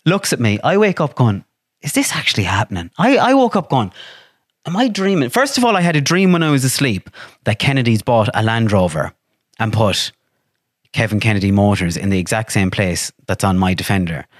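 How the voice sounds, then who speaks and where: Animated Irish man, low voice. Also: a little fast, no room sound, studio quality. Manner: animated, swears freely, acts out quotes. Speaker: podcast guest. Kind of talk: casual chat, storytelling.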